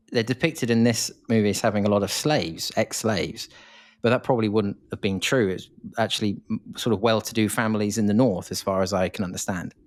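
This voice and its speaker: Animated English man, lowish voice. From England. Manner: animated, rises in pitch when asking questions. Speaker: podcast host. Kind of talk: casual podcast discussion.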